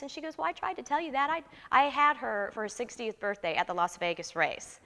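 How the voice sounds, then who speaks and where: Bright, lively woman telling a story. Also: fairly high pitch, fairly quick, hardly any pauses, smooth, long reverb tail. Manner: lively, laughing, acts out quotes. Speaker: interview guest. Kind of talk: animated storytelling.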